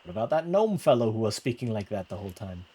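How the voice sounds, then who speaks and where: A man's voice: on the low side, big pitch swings, fast, dark tone, slightly rough. A man voicing a haughty noblewoman who speaks in an arch, mocking, old-fashioned way. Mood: wistful. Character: haughty noblewoman being courted.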